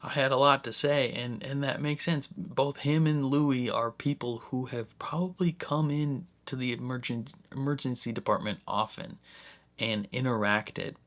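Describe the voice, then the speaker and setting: A man hosting a casual TV reaction, rambling with lots of fillers and sudden animated bursts. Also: medium pitch. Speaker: reaction channel host.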